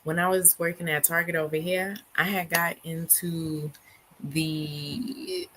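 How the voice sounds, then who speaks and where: A woman hosting a book club livestream, her voice hoarse and not fully recovered, talking in an animated, slangy way. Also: deep voice, slow, slight background noise. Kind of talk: casual livestream chat.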